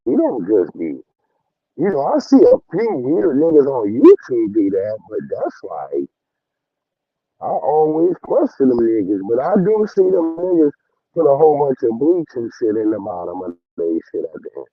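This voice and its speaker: A man's voice: medium pitch, moderate pace, no echo, lo-fi sound. A man hosting a livestream, giving loose, profane commentary with bursts of laughter. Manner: animated, profane, laughing storyteller. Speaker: livestream host. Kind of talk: casual commentary.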